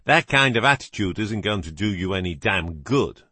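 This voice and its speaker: A man's voice: lowish voice, lively intonation, moderate pace, bright, forceful tone, husky, no echo, full character voice. A man playing a blunt, earnest investigator.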